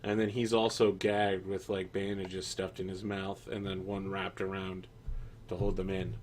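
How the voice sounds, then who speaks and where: A man narrating as game master in a relaxed, jokey way with many fillers. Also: deep voice, moderate pace.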